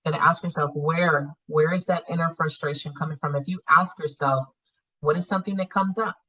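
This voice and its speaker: A woman leads a spiritual healing class in a blunt, profane, animated way. Her voice sits low but sounds bright and husky. She is picked up from a little way off the mic. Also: brisk, recorded from a distance, low-quality recording. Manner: blunt, profane, animated coaching with frequent laughs. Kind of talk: live online class teaching.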